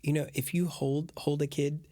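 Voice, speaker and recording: A man's voice: a little high, little pitch movement, normal speed, warm tone, no room sound. A man, an adoptive father, telling a rambling story in casual chat with lots of fillers.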